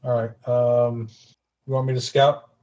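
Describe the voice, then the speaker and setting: A man's voice: mid-range voice, little pitch movement, unhurried, mellow, low-quality recording. A man playing in a tabletop game, talking casually and restarting his sentences. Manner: casual, stop-and-start. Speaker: player.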